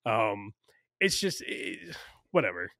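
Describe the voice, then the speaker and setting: A man's voice: on the low side, sing-song, slow, vocal fry, sharp tone, dry recording, studio quality. A man co-hosting a podcast in casual, opinionated chat, ranting with lots of fillers and profanity. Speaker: podcast co-host.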